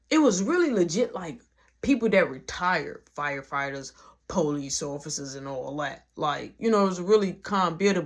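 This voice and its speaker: A young man telling a casual storytime, acting out every quote and dropping to a hush in the quiet parts. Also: high-pitched. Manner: animated, acts out every quote, drops to a hush for quiet scenes.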